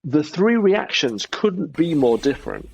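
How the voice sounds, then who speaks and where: A man's voice: a little high, a little slow, vocal fry, slightly rough. A man, a guest entrepreneur, chatting casually in an interview and acting out the voices he quotes. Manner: animated storytelling, acts out quoted voices. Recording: dry, dull lo-fi sound.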